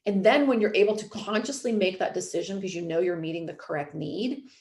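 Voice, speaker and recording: A woman's voice: mid-range voice, quick pace, a little mellow, roomy sound, slight background noise. A woman in her thirties, host and coach, talking casually and filling her speech with "like" and "you know". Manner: chatty, frequent "like" and "you know". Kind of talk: casual podcast talk.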